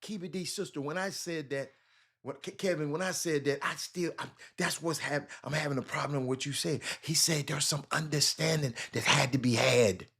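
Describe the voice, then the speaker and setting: A man's voice: a little high, fairly even intonation, normal speed, vocal fry, fairly bright tone, husky. A man hosting a live sports talk show with a Southern US accent, speaking animatedly and calling out chat viewers by name.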